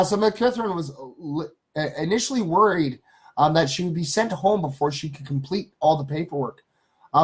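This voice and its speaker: Live-stream host, male, slightly higher voice, reads good-news stories in a loose, chatty way with lots of ums. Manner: chatty, greets chat viewers, many ums and uhs.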